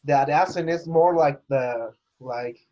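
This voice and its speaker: Slow halting male student. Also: a little high, mellow, a little hiss or hum. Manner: halting, many fillers, searching for words. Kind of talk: explaining in class. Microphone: video call. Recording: dull lo-fi call audio.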